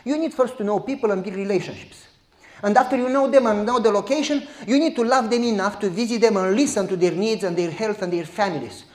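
A man, preaching as a pastor and telling a story in a lively, direct way. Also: high-pitched, quick pace, roomy sound. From Romania. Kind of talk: sermon storytelling.

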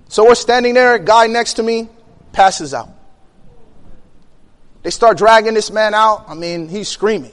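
High-voiced man telling a story in a hall. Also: moderate pace. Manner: animated, acts out quotes, laughs between lines. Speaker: speaker telling a personal story. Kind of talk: storytelling talk.

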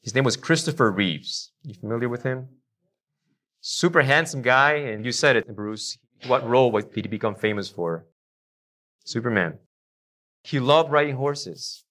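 A man preaching to a congregation in a church. His delivery is emphatic, rising to loud declarations and dropping to quiet, low lines. He keeps asking the listeners questions. His voice sits at an ordinary middle pitch. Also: expressive, moderate pace. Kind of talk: sermon.

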